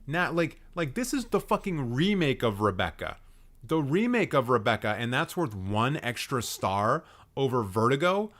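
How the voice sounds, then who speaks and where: A man's voice: medium pitch, very animated, moderate pace, fairly bright tone. A young man hosting a live stream, roasting a viewer's film ratings with exasperated, sarcastic commentary and plenty of swearing. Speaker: livestream host.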